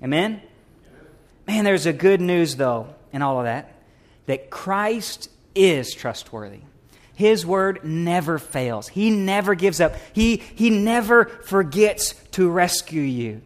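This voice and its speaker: A middle-aged man delivers a sermon in a church, his fairly high voice climbing as he presses each point. He preaches with rhetorical questions and building emphasis. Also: animated, takes it slowly. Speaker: pastor. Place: church sanctuary.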